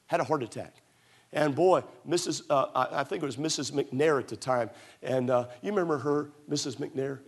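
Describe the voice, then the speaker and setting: A man's voice: medium pitch, normal speed, slightly rough. A middle-aged man pastor preaching a sermon, telling stories with emphatic repetition.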